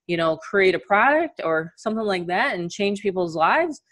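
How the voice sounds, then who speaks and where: A middle-aged woman with a New York accent who leads a live online business training over a video call, talking in an energetic, chatty way and laughing often. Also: mid-range voice, normal speed.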